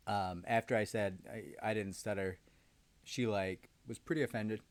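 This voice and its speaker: Man, casual storyteller, low voice, dry close sound, sarcastic asides, rambling. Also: steady tone, moderate pace, no room sound. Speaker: lawyer host.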